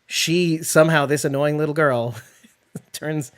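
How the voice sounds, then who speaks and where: A man's voice: on the high side, fairly even intonation, a little slow, clear, resonant tone. A man co-hosting a casual show reaction chat, rambling with many restarts and acting out lines he quotes. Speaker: podcast co-host.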